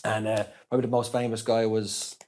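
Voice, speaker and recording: A man from Ireland with an Irish accent, a guest telling stories in casual chat, lively, with many restarts and self-corrections. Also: lowish voice, brisk. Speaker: interview guest. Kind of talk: casual anecdotal storytelling.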